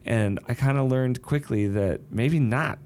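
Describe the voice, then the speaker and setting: His voice mid-range, somewhat dark, and a touch slow, a male songwriter-novelist casually and thoughtfully describes how he works, singing out rhythms and offering examples along the way.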